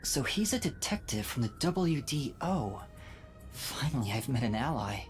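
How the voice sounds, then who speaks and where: A man's voice: medium pitch, big pitch swings, moderate pace, faint music behind, close to an everyday voice. An actor voicing an earnest, slightly hesitant young male rookie detective in dubbed video game dialogue.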